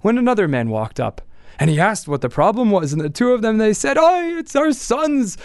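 A man who is a storyteller telling a folk tale, expressive and rising into plaintive wails. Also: sits high, quick pace, no room sound, studio quality.

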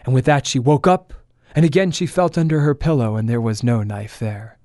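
A man narrating a folk tale as the show's storyteller, in a steady, plain manner. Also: mid-range voice, moderate pace, dry recording, studio quality. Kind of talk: scripted narration.

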